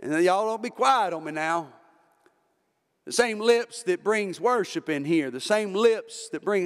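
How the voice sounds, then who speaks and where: A pastor preaching a sermon, with emphatic rises and drops and repeated phrases. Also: male voice, high-pitched, unhurried. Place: church sanctuary. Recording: reverberant church hall.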